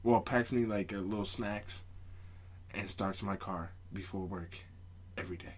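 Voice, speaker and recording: A young man co-hosting a podcast, trading crude, deadpan jokes in casual banter with his brother. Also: sits low, a little slow, breathy edge. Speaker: podcast co-host.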